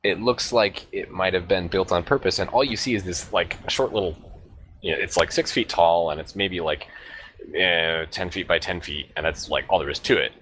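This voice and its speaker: Deep-voiced hesitant man as game master. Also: normal speed, fairly bright tone, slight background noise. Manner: hesitant, filler-heavy, chuckling. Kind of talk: narrating a tabletop game.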